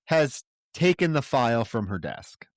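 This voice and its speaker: Man, podcast co-host, lively film recap, mid-pitched voice, dry close sound. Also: a little slow, no echo. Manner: animated storytelling, briefly mimics characters.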